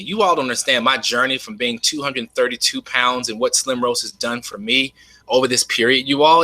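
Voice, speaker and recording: A man giving an enthusiastic, folksy webinar sales pitch from home, often saying "you all". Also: bright, forceful tone, dry recording. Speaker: network marketing presenter. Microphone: webcam.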